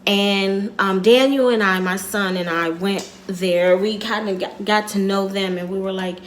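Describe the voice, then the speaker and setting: Middle-aged woman vlogger, mid pitch, loose and rambling delivery, faint noise behind. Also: fairly even intonation, unhurried. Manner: rambling, repeats herself, quietly earnest. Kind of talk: casual vlog storytelling.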